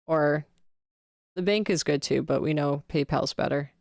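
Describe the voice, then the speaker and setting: Slow-talking woman streamer, dry sound. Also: low voice, gravelly, a little mellow, no echo. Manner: chatty, talks to viewers, gushes at thanks. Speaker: livestreamer. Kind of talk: casual gaming livestream chat.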